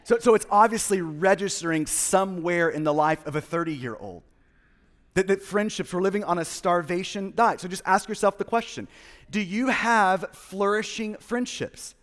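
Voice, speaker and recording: An earnest man in his thirties preaching a sermon with a high voice. He repeats words and restarts his sentences as he goes. His voice carries a long reverb, as if from a large church hall. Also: moderate pace, a bit bright. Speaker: pastor.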